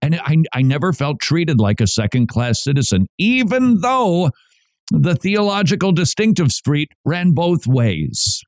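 A man's voice: a little high, lively intonation, normal speed, darkish tone, no room sound. A man hosting a Christian radio show, talking in an earnest, preacherly way with emphatic repetition into a studio mic. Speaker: radio host. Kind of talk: radio commentary.

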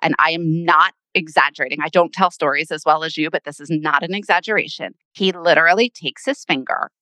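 A middle-aged woman co-hosting a podcast, telling a story in an animated way and acting out what people said. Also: sits low, a little fast, no room sound. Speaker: podcast co-host. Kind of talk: casual chat.

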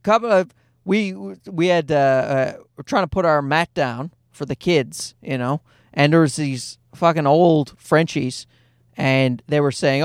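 A man's voice: on the high side, expressive, a little slow, clean tone, dry recording, studio quality. A man in his thirties telling a casual comic story in a sarcastic, profane rant.

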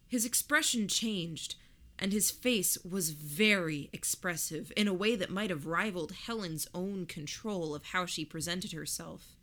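Woman narrator, audiobook, first-person, slow, bright clear tone. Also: lowish voice. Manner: measured, reflective.

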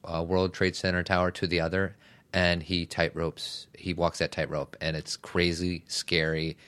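A man's voice: sits low, flat delivery, normal speed, fairly bright tone, smooth. A middle-aged man co-hosting a podcast with his wife, talking in a teasing, laid-back way and chiming in with short agreements. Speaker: podcast co-host. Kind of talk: casual conversation.

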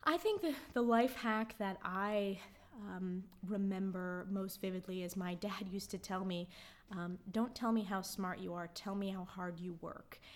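An American congresswoman in her thirties, appearing as an interview guest, answers questions earnestly and reflectively, with frequent ums and restarts, and she sounds choked up. Her voice is mid-range and she speaks a little slowly.

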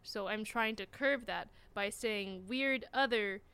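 A woman's voice: mid-range voice, slow pace, bright, forceful tone, clear, resonant tone. A young college woman chatting playfully with friends on a podcast. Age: young adult. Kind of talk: casual chat.

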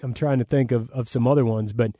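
A man's voice: medium pitch, steady tone, a little fast, dark tone, no room sound, studio quality. A man, a play-by-play broadcaster, answering interview questions in a rambling, enthusiastic way with many fillers and restarts.

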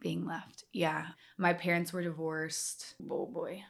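A woman's voice: on the low side, level tone, slow pace, gravelly. A young woman, a yoga trainer, telling her story candidly as a podcast guest, rambling with lots of fillers. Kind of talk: casual interview storytelling.

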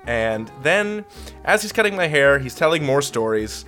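A man tells a funny story in a relaxed, chatty way, and his voice swings widely in pitch as he acts out the people in it. A little guitar music plays quietly underneath. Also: moderate pace. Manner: animated, acts out quoted people with big pitch jumps. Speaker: podcast co-host telling a story. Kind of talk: casual comedic storytelling.

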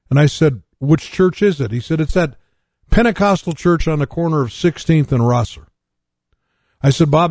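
Earnest older preacher, dry close sound. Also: male voice, fairly high pitch, darkish tone, no room sound. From North Dakota. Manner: earnest, personal testimony with scripture reading. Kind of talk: radio sermon.

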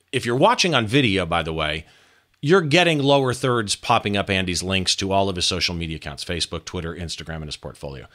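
A man's voice: medium pitch, a bit bright. A man hosting an interview, upbeat and direct, asking questions and speaking to the listeners. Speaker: interview host.

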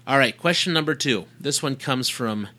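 A man's voice: medium pitch, expressive, moderate pace. A man co-hosting a podcast with his wife, reading listener questions in a playful, teasing way. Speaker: podcast co-host. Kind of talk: casual chat.

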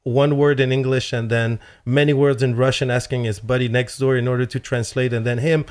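A man telling a story in a casual chat, animated and swearing freely, with lots of "like". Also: medium pitch, brisk. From Chile. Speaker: guest telling a travel story.

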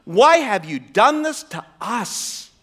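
A man's voice: very high-pitched, big pitch swings, slow, sharp tone, voice pushed up, full character voice. A man voicing a frantic, exasperated mother scolding her son. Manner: anxious, exasperated. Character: frantic scolding mother, middle-aged woman.

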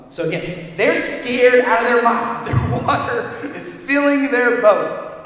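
A man, the worship leader, giving a conversational sermon. He reads scripture aloud and puts questions to the congregation. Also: fairly high pitch. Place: church sanctuary. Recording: echoey hall, voice from far off the mic.

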